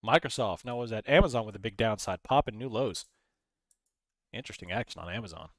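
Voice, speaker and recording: Guy hosting a live stream, rambly, reads chat out loud, dry close mic sound. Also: on the low side, lively intonation, quick pace, gravelly, no echo. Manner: rambling, reads chat aloud, talks through trades. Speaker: livestream host.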